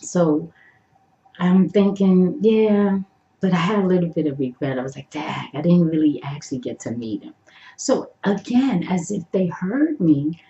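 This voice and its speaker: A middle-aged woman vlogger telling a personal story in an animated way, acting out her own thoughts and swinging from hushed asides to high exclamations. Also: a little slow. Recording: echoey room, dull lo-fi sound.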